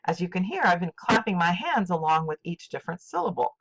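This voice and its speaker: Older woman, teacher, low voice, lively intonation, deliberate clear delivery. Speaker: literature teacher. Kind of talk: scripted instructional lesson. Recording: dull lo-fi recording.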